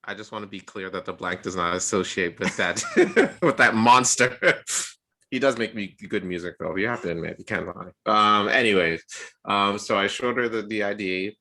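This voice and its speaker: A young man co-hosting a podcast, telling a dating story in a casual, animated way and acting out the quotes with a jumping voice. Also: moderate pace. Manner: animated storyteller, acts out quotes with rising pitch. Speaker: podcast co-host.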